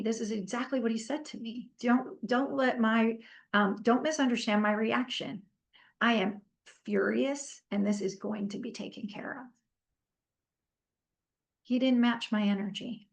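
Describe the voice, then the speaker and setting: This workshop leader, a middle-aged woman, has a slightly high voice with vocal fry. She teaches informally, telling animated stories with plenty of fillers and asking the group to weigh in.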